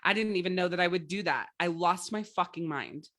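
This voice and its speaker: Woman life coach giving a blunt, rough-talking pep talk in a dry, dead room. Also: lowish voice, a little fast, sharp tone, no room sound. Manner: blunt, profane and emphatic; rambling, with frequent restarts. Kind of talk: motivational livestream talk.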